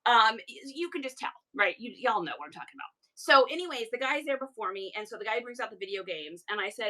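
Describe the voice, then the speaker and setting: A woman hosting a reseller livestream, telling a story casually to her chat in an animated way, with quick asides to viewers. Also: a little high, low-quality recording.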